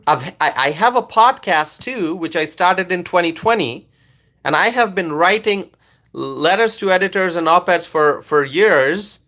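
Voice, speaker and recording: A man's voice: high-pitched, expressive, unhurried, sharp tone. A man doing live-stream political commentary into his phone, repeating his points emphatically and asking rhetorical questions.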